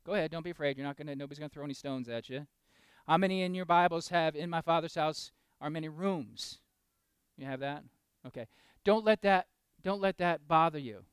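High-voiced preacher, loud then hushed. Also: male voice, clean tone, dry recording. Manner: swings from loud, slow emphasis to soft, intimate asides; talks directly to the congregation with questions. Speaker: pastor. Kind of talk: sermon.

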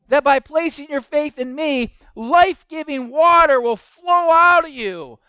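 A man's voice: high-pitched, clean tone, no room sound, studio quality. A man preaching a conversational sermon as pastor, posing rhetorical questions and building emphasis.

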